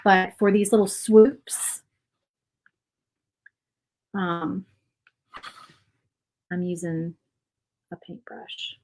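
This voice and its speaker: A woman hosting a casual painting tutorial. She is chatty and rambles, thinking out loud with fillers and little asides. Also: lowish voice, steady tone, very slow, pauses often, poor audio. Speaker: craft channel host.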